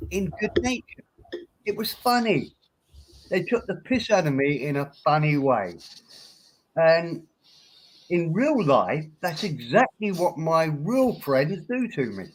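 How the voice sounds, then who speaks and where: A man hosting a livestream in casual chat, rambling and laughing often as he addresses viewers by name. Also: on the high side. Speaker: livestream host.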